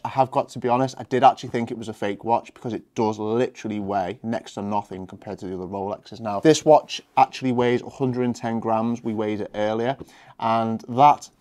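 A man's voice: mid-range voice, darkish tone. A man from a watch dealer's vlog, reviewing a watch to camera in a casual, chatty way. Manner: banter, swears freely.

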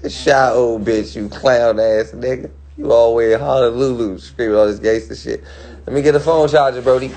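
A man from Washington DC rants into his phone, swearing hard and circling back on the same points. His voice has a gravelly, husky edge, at a middle pitch for a man. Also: fairly even intonation, moderate pace, darkish tone. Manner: profane, heated, repetitive. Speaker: livestreamer. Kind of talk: angry livestream rant.

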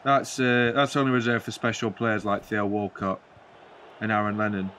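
A man's voice: on the low side, normal speed, fairly bright tone, slight background noise. A man giving rambling, jokey play-by-play commentary on a football video game, breaking into mock-commentator flourishes. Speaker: gaming channel host.

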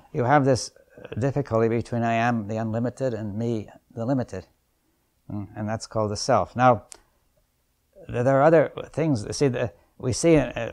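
A seminar leader in his seventies, with a mid-range voice, delivers an unscripted lecture while thinking aloud. His musing, thoughtful style includes frequent "right?" and "you see" check-ins and quiet chuckles between ideas.

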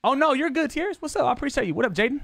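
A man's voice: extremely high pitch, lively intonation, racing, vocal fry, fairly bright tone, dry recording, clean studio sound. A man streaming a football video game, chatting casually with his viewers in loose, profane slang, his voice jumping up when he gets defensive. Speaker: gaming streamer.

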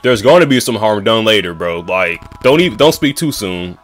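A man's voice: lively intonation, moderate pace, soft background music. A man playing a horror game and talking his viewers through it in casual, slangy chatter. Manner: reads game dialogue aloud in a lower voice, then reacts loudly. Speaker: gaming YouTuber.

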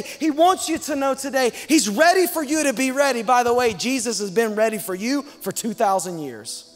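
A guest pastor from Texas preaching an emphatic sermon and calling on the congregation to answer back, rushing some phrases and stretching out others. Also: male voice, very high voice, expressive, faint music behind. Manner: emphatic, call-and-response with the congregation; swings between fast and slow, drawn-out emphasis. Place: large church sanctuary. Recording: long church hall reverb.

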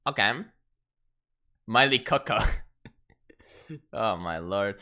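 A man streaming a game who talks in a bright, edgy tone, his pitch swinging widely. He rants and swears in casual exasperation while he chats with viewers. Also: very animated, unhurried, long pauses. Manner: profane, exasperated ranting with laughter. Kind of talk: casual gaming stream chat.

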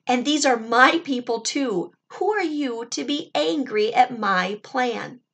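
A woman voicing God gently reproving. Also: on the high side, expressive, takes it slowly, husky, full character voice. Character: patient, questioning God figure.

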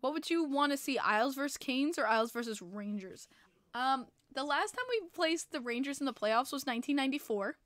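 Casting: woman, upbeat stream host, a bit high-pitched, swears casually, dry studio sound. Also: a little fast, no echo. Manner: excitable, swears freely, laughs often. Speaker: hockey podcast host. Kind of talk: casual live-stream chat reading viewer comments. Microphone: plugged-in desk microphone.

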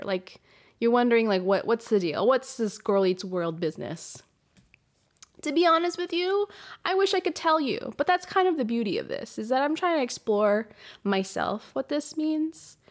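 A young adult woman hosting her own podcast, talking candidly in a casual confessional monologue, swearing freely and restarting phrases into a hot close mic. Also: high-pitched. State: emotional, runny nose. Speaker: podcast host.

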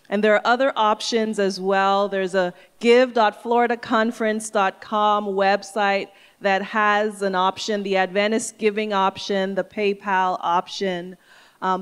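A woman hosting a church service, introducing a guest and calmly inviting people to give an offering. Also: medium pitch, smooth. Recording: long hall reverb.

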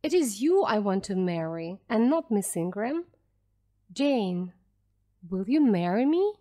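A woman voicing a grown male gentleman who speaks earnestly and gently, in a storybook read for English learners. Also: mid-range voice, big pitch swings, slow pace. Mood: tender.

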